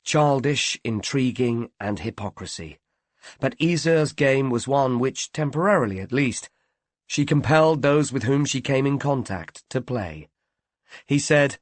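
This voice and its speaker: A man reading a mystery novel aloud in a measured, expressive way. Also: medium pitch, no echo. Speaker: audiobook narrator. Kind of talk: scripted narration.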